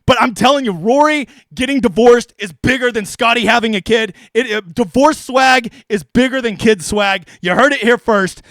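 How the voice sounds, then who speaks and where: A man's voice: extremely high pitch, moderate pace, few pauses, fairly bright tone, no echo, clean studio sound. A man hosting a fantasy sports live stream, talking in a brash, profane, rambling way. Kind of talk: casual live stream commentary.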